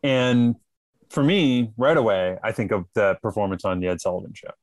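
A man's voice: fairly low pitch, lively intonation, normal speed, no room sound. A man, an actor guesting on a podcast, chatting casually with wry, dry humor. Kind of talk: casual chat.

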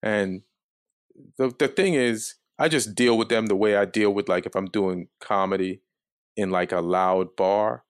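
A comedian guest with a low, resonant voice tells a story casually and clearly, a little slowly. He stays calm and mostly monotone, and the recording sounds dry and close.

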